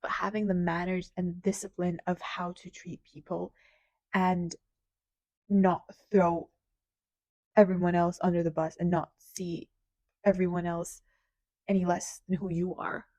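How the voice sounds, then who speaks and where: A young woman talks through a book she is reading in a casual vlog, excitable and gushing in her reactions. Her voice is soft and mellow, and she speaks slowly. The recording is close and dry. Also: lowish voice, no echo. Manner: gushing, excitable, reads lines aloud. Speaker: book vlogger.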